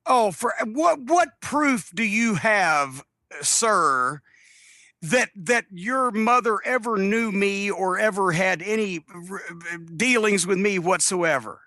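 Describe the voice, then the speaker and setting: Exasperated high-voiced man, podcast host. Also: expressive, slow pace, pushed and bright, no echo, studio quality. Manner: exasperated and indignant. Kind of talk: comedic podcast banter.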